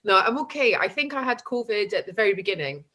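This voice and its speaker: A woman's voice: medium pitch, animated, quick pace, bright, forceful tone. Chatty Scottish woman in her forties. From Scotland. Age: 40s. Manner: chatty, laughs often, acts out voices in anecdotes. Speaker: guest. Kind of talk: casual chat.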